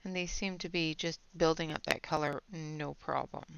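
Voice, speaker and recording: Breathy woman demoing coloured pencils. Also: sits low, steady tone, moderate pace. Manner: chatty, explains step by step. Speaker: colouring channel host. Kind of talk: casual product demo while colouring. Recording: dull lo-fi audio.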